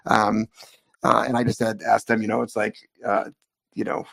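Man, podcast host, casual chat, animated, blunt, loud. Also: on the low side, normal speed, vocal fry. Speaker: podcast host, dog trainer.

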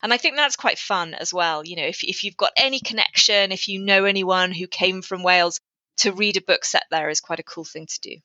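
A woman's voice: fairly low pitch, brisk, sharp tone, no echo, muffled recording. A woman author talking through her writing in a casual interview, thoughtful and prone to restarts. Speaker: author guest. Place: lives in North Wales.

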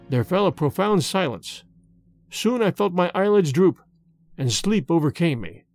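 A man narrates a dark storybook tale in a measured, dramatic way. His voice sits somewhat high and moves animatedly. Quiet music plays underneath. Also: big pitch swings. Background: faint music.

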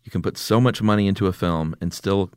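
A middle-aged man in easy podcast banter, teasing and quick to laugh. His voice sits low, and the recording is dry and close. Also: smooth, dry recording. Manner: teasing, jokey, laughs often. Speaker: podcast co-host. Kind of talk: casual chat.

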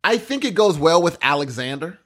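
Man, casual chat, excitable, storytelling, higher voice, lively intonation. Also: a little fast.

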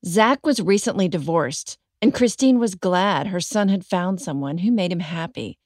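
A woman hosting a podcast, reading a scripted true-crime narration in a measured, serious way. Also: fairly low pitch, expressive, darkish tone, dry recording, studio quality.

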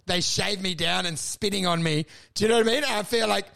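A man, co-hosting a comedy podcast, rambling through crude stories and acting out scenes in shouted high voices. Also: fairly quick, vocal fry. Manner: crude, swears often. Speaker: podcast co-host.

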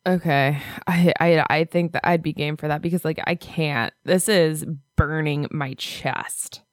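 A young woman co-hosting a podcast in casual chat, animated, laughing often and swearing casually. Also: deep voice, unhurried, dry recording, clean studio sound. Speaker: podcast co-host.

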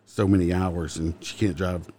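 A man's voice: deep voice, little pitch movement, moderate pace, dark tone, a little hiss or hum. A man with a Southern accent, a police officer, telling wry stories from his work in a casual chat and laughing at his own jokes.

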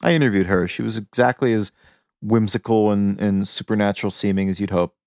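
A man co-hosting a podcast, sharing film trivia in an enthusiastic, animated way and laughing often. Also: on the low side, a little fast, gravelly, no room sound, clean studio sound. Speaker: podcast co-host. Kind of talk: casual film-trivia chat.

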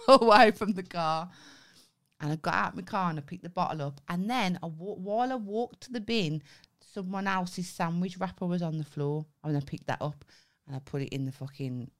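A young woman, a casual podcast co-host with a somewhat low voice. She tells stories with plenty of swearing and keeps checking in with "right?" Her delivery is loose and conversational. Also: normal speed. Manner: chatty storyteller, swears a lot, keeps saying "right?". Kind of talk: casual chat.

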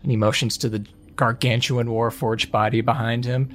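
A man narrating a tabletop game as game master, relaxed and halting. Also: mid-range voice.

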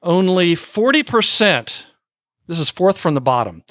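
A man hosting a podcast interview, animated and quick to laugh, with self-deprecating asides. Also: high-pitched, no echo, studio quality. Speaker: podcast host. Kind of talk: podcast interview, asking questions.

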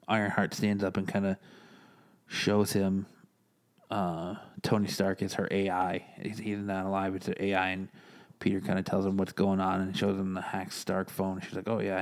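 Low gravelly man recapping comics. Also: darkish tone. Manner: rambling, many fillers, retells lines in plain voice. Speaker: comic book reviewer. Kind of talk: casual recap and review.

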